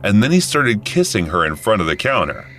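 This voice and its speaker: A man in his thirties narrating a first-person story in a casual, animated way. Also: on the low side, brisk, soft background music. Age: 30s.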